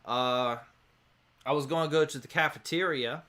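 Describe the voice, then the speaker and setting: A man's voice: on the high side, normal speed, sharp tone. A laid-back young test subject who shrugs everything off with dry sarcasm, as a man plays him. He speaks casually, without any urgency. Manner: sarcastic, offhand.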